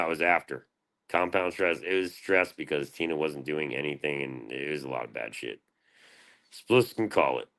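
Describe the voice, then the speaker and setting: Super deep voiced guy in his 30s streaming, rambly and crude, swears a lot. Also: a bit bright. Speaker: livestreamer. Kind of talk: casual livestream chat.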